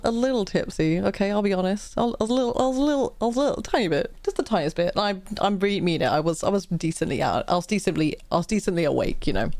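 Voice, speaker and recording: A woman's voice: medium pitch, darkish tone, no echo. A British woman from the UK chatting casually on a live stream, telling rambling stories full of restarts and laughs. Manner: rambling, self-interrupting storyteller who laughs often.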